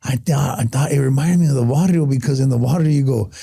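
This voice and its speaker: A middle-aged man speaks fast in a medium-pitched voice that is creaky, mellow, and husky. Appearing as a podcast guest, he shares reflective, heartfelt stories in casual conversation, often cutting himself off and restarting.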